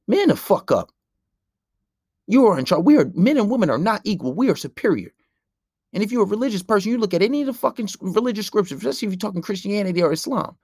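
Podcast host, male, brash and profane, preachy delivery, gravelly voice. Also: sits high, darkish tone, no echo, studio quality. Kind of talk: solo podcast rant.

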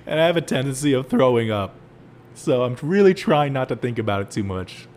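Young male podcast host, animated storyteller, mid pitch, faint rumble under the voice. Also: fairly quick. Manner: animated, laughing, rising to loud exclaims.

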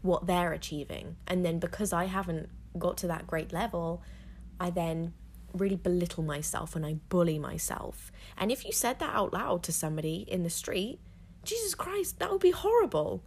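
Teen girl podcast host, lowish voice, candid, rambly, lots of fillers. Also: normal speed, a little mellow, a little hiss or hum. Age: teens. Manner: frank, rambling, heavy on "like" fillers. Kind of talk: candid solo podcast monologue.

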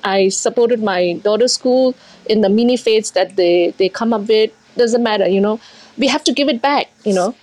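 This middle-aged woman from India, a restaurant owner, gives an emotional interview full of fillers and restarts. She speaks at a moderate pace in a voice on the high side with a darkish tone.

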